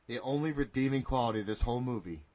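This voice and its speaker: A man's voice: medium pitch, fast talker, dull audio. A man co-hosting a podcast, joking sarcastically and ranting in casual, profane chat. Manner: sarcastic, joking, rants loudly. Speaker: podcast co-host.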